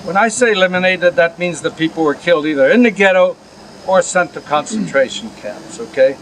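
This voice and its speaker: An older man speaking to a live audience, earnest and direct, often turning to them with asides. His voice sits fairly high for a man, and a faint hiss runs under the recording. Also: animated, fairly quick, fairly bright tone, low-quality recording. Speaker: Holocaust survivor speaker. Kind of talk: lecture with audience questions. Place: outdoor camp gathering.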